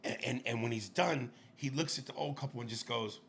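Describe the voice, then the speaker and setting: A man's voice: medium pitch, animated, a little fast, hardly any pauses, pushed and bright, slightly rough. A man co-hosting a podcast in casual chat, speaking emphatically and exclaiming in disbelief. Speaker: podcast co-host.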